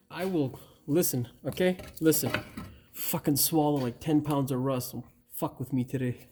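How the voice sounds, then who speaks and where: A man's voice: on the high side, slight background noise. A man working as a mechanic, swearing, grumbling and joking to himself as he works in a workshop. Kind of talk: casual workshop vlog. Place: workshop with an air compressor.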